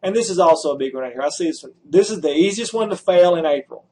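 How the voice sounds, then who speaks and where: A man's voice: a little high, expressive, fast talker, dark tone. A middle-aged man who supervises student teachers, giving emphatic advice and repeating his key points.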